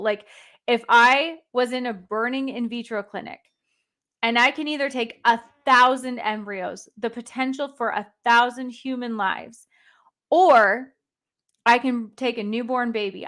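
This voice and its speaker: A blunt young woman speaking in a casual podcast chat. Her voice sits a little high, and her talk comes in quick bursts full of fillers. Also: fairly even intonation, a bit bright. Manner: blunt, talks fast in bursts with many "like" fillers. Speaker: nurse guest.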